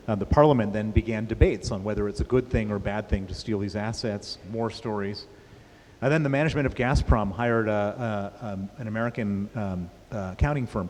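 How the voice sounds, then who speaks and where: A middle-aged man, appearing as an author at a festival interview, plainly recounts his story while frequently restarting and repeating words. His voice is fairly low and a little mellow, captured in a big audience-filled hall with reverb and slight hiss.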